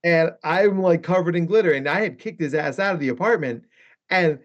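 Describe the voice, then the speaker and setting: A man's voice: on the high side, brisk, highs cut off. A man who is a guest therapist on a podcast, telling long rambling stories in a casual chat, swearing freely and saying "like" and "right?" a lot.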